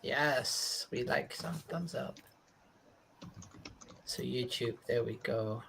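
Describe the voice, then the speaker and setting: A relaxed man hosts a loose weekly chat over a video call. He talks in an easygoing way, laughing often and restarting his words now and then. His pitch sits in an ordinary middle range. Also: slow pace, creaky, a little hiss or hum. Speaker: host. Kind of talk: casual chat on an online call.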